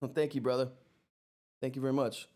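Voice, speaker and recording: A man's voice: mid-range voice, a little fast. A man hosting a live stock-trading stream, flustered and effusive, thanking viewers again and again and laughing often. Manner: excitable, flustered exclamations. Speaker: livestream host reading viewer chat. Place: seated in a chair at home.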